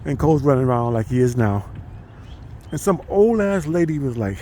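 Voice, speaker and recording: A man rambles on a casual walking vlog, swearing freely and leaning on fillers. His voice sits at a mid pitch. It is recorded on a phone outdoors in a park, with faint noise behind. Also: very animated, moderate pace, warm tone. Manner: profane, rambling, fillers like "you know". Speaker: vlogger.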